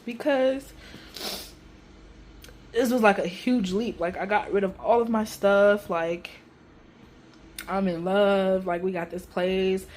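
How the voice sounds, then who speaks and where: A young woman talks straight to her viewers in a casual storytime vlog, her telling animated and emotional, full of everyday slang. Her voice sits at an ordinary middle pitch. A faint hiss of noise runs under the recording. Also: slow, pauses often. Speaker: vlogger.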